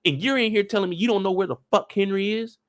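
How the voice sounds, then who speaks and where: A man's voice: high voice, fast, natural voice. A man re-enacting a furious female rebel leader who grills an underling, swearing and repeating herself in a mock interrogation. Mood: furious, interrogating. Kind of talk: comedic re-enactment in a review.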